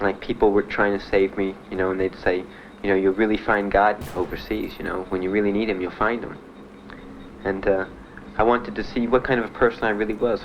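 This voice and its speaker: This is candid spoken testimony from a young man from Miami in the United States, a veteran recounting his own experiences plainly and bluntly with the occasional dry laugh. His pitch sits fairly low. Faint noise lingers behind him, and the upper frequencies are cut off.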